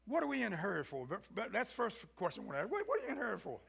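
A man preaching a sermon, swinging between shouted peaks and low, quiet stretches. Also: wildly swooping pitch, very fast, vocal fry, slightly rough. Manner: rising to shouts, then dropping low.

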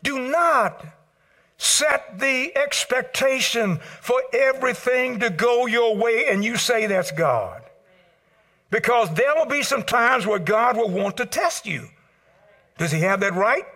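A man preaching a sermon as pastor, swinging between shouted peaks and hushed low passages and calling out to the congregation. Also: lively intonation, slow. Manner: calls out to the congregation. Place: church service.

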